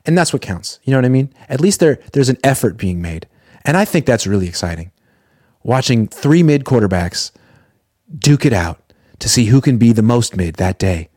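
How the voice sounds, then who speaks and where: A man hosting casual sports commentary, talking in a sarcastic, deadpan way. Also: medium pitch, normal speed, no room sound, clean studio sound.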